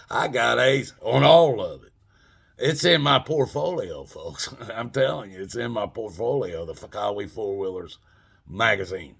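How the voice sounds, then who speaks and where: A man's voice: on the low side, lively intonation, a little slow, creaky, pauses often, fairly bright tone, slightly rough. A middle-aged man casually telling a rambling, profane story and calling his listeners folks. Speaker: channel host telling a story.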